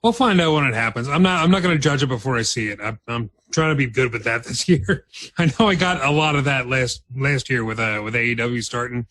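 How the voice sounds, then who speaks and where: A man's voice: mid-range voice, brisk, fairly bright tone, no echo. A man co-hosting a podcast, laid-back and self-mocking in casual wrestling chat. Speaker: podcast co-host.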